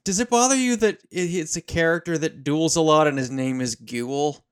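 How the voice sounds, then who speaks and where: Chatty man with a slightly high voice. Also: normal speed, clean tone. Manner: chatty and rambling, with wry asides. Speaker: podcast co-host. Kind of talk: casual episode recap chat.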